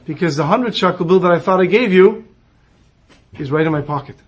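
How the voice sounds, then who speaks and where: A rabbi telling a story to listeners, acting out the dialogue of the people in it. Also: male voice, high voice, a little fast, breathy edge. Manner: animated storyteller who acts out dialogue. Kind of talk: storytelling talk.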